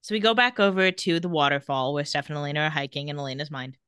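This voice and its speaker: A woman co-hosting a laid-back recap podcast, walking through each scene and reading quotes without much colour. Her voice sits a little low. The sound is dry and close, with no room around it. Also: very fast, clear, resonant tone, no room sound. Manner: retells scenes and reads quotes in a flat voice. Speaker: podcast co-host. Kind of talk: casual recap chat.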